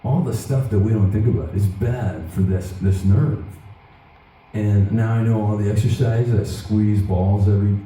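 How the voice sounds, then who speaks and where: A man's voice: lowish voice, moderate pace, recorded from a distance, slight background noise. Middle-aged man telling stories in an echoey hall. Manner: loose, profane, animated anecdotes. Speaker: guitarist giving a workshop. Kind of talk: casual storytelling to an audience. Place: large event hall at a guitar show.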